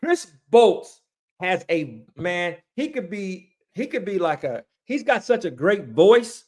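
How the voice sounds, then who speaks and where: A man rants loosely to his viewers, rambling and circling back on his own points. His voice sits a little high and cracks upward when he gets excited. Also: measured pace. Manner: excitable, rambling, repeats himself, calls listeners "man". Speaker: online ranter reviewing movies and shows. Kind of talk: casual ranting monologue.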